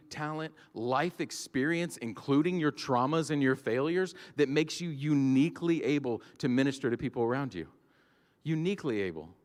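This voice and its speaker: Man preaching in a reverberant hall. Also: medium pitch. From Georgia, US. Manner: casual, storytelling, filler-heavy. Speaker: pastor. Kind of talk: sermon. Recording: long church-hall reverb.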